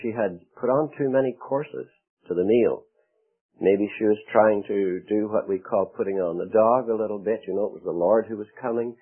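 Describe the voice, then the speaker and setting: A man preaching a sermon, expressive, with dramatic pauses and acted-out quotes. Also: fairly low pitch, breathy edge. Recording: tinny phone-like radio broadcast.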